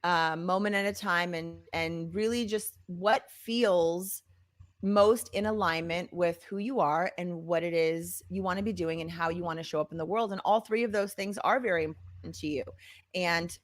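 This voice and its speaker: A woman co-hosting a podcast, chatting casually and encouragingly, acting out quoted voices with lively energy. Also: fairly low pitch, moderate pace. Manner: animated, acts out quoted voices. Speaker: podcast co-host.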